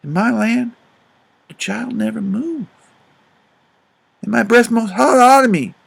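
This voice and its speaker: Guy doing a gravelly grieving dad with a drawl, high-ish voice, busts out loud sometimes. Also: measured pace, heavily acted. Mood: anguished. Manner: drawling, swells to loud outbursts. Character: grieving remorseful grown father, rough and tender. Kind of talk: audiobook character reading.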